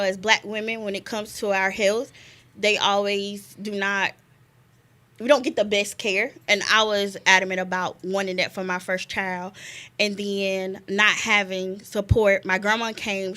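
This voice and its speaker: Bright-voiced woman, laughing storyteller. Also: mid-range voice, a little slow. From North Carolina, US. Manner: animated, laughs often, repeats words. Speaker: guest. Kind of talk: casual conversation, personal story.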